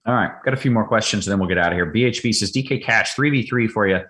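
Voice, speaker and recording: A man hosting a casual sports betting chat, joking and firing off quick questions. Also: lowish voice, fairly bright tone. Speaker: host.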